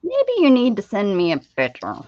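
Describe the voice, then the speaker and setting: A woman's voice: mid-range voice, huge pitch swings, normal speed, no echo. A woman hosting a craft livestream, chatting casually and jokingly as she opens her mail, laughing often. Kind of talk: casual chat while opening mail. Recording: dull lo-fi stream audio with faint hiss.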